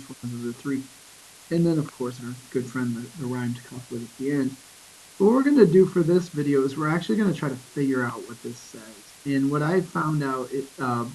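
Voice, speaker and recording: Teacher thinking aloud with a faint hiss. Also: male voice, medium pitch, darkish tone, low-quality recording. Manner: thinks aloud with fillers, reads verse slowly. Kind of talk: screencast poetry lesson.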